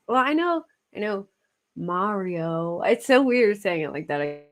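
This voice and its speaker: A woman with a Philadelphia accent chatting casually with her livestream viewers, laughing often and fretting over how she says words. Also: mid-range voice. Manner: chatty, laughs often, self-conscious about her pronunciation. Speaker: true crime livestream host. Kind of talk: casual chat with live chat viewers.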